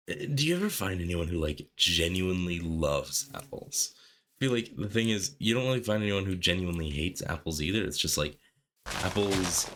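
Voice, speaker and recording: A young man, hoarse from being sick, rambling casually over gameplay with lots of fillers. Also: deep voice, fairly bright tone. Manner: rambling, filler-heavy, jokey musings. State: hoarse from sickness. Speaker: gameplay commentator. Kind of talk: casual gaming commentary.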